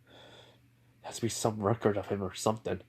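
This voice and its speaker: A man voicing a shaken middle-aged hero father who speaks in a hushed, stammering voice. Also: on the low side, level tone, moderate pace, breathy edge.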